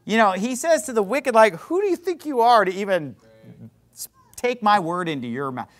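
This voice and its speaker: Male pastor, sermon storytelling; high, very animated delivery, sarcastic and emphatic. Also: moderate pace. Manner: emphatic, repeats words.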